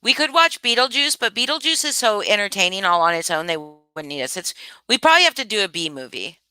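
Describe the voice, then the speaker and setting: A woman's voice: medium pitch, sing-song, fast, pushed and bright, smooth. A woman hosting a casual live stream, rambling and thinking aloud as she answers viewers, often restarting her sentences. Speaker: livestream host.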